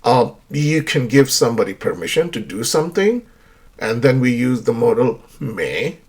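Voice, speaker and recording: A man's voice: mid-range voice, sing-song, moderate pace, slightly rough. A man teaching an English grammar lesson, explaining with many example sentences and checking in with "right?".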